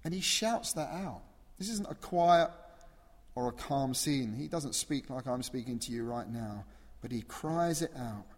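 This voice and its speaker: Earnest preacher in an echoing hall. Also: male voice, medium pitch, lively intonation, unhurried. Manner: earnest, emphatic, uses rhetorical questions. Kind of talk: sermon. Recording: long echo of a large hall.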